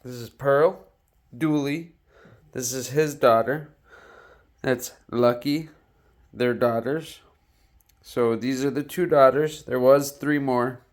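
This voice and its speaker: A man's voice: medium pitch, fairly even intonation, slow pace, long pauses. A man chatting casually at home in his living room, showing off his dogs and cooing at them in baby talk. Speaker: dog owner. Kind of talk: casual home video talking to pets.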